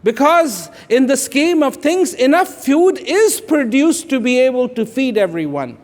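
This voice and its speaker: Man, fifties, high lively voice, echoey large hall, repetitive emphatic speech. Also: a little slow. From India. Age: 50s. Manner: repetitive, emphatic, swings from hushed to loud. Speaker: public speaker. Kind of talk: inspirational speech to an audience.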